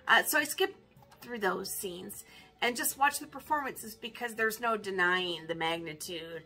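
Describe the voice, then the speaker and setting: A woman's voice: medium pitch, moderate pace, bright, forceful tone, breathy edge, faint music behind. A woman in her fifties, a record collector chatting casually in a vinyl tag video, wry and self-mocking. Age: 50s.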